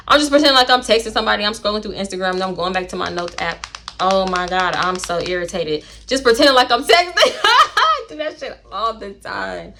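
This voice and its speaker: A woman's voice: medium pitch, animated, fairly quick, pushed and bright, a little hiss or hum. A young woman telling a storytime to her viewers, blunt and chatty, swearing freely. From Houston, Texas. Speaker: storytime vlogger. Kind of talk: casual storytelling to camera.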